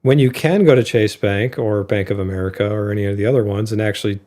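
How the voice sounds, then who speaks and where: Male co-host, warm low-key tone, loose rambling delivery. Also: quick pace. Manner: rambling explanations with fillers and laughs. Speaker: co-host of an investing show. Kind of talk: casual podcast chat.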